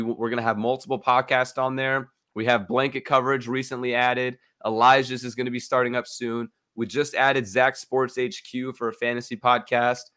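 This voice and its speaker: A man's voice: medium pitch, fairly bright tone. Laid-back young man hosting a podcast. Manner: laid-back, slangy, says "bro" and "dude" a lot. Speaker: podcast host. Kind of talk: casual sports podcast chat.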